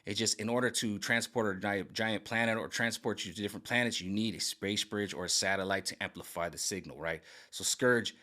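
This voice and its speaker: A man casually pitching his own version of a film's story. He rambles, searches for words with many fillers, and keeps checking in with "right?" and "okay?". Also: brisk, few pauses, sharp tone. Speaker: fan video creator. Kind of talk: casual pitch of a film rewrite.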